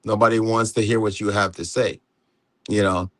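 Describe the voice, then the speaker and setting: A man's voice: on the low side, steady tone, normal speed. A man from Jamaica with a Jamaican accent, hosting a casual live panel chat in a laid-back way, dropping "you know" often and laughing easily. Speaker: host.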